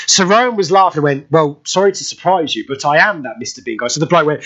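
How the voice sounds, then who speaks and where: A man's voice: on the high side, fast, few pauses, sharp tone, lo-fi sound. A man hosting a radio show, chatting casually and telling celebrity anecdotes, laughing often. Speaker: radio host.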